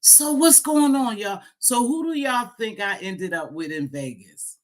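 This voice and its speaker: This livestream host chats casually with her audience, teasing them playfully and exclaiming often. She speaks a little high, with lively intonation and a measured pace.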